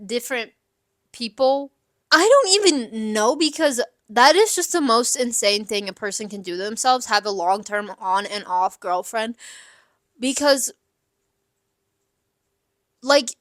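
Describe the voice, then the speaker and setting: A young woman hosting an advice show, chatting candidly with lots of fillers and lively asides. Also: a little high, no echo, clean studio sound. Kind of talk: casual advice chat.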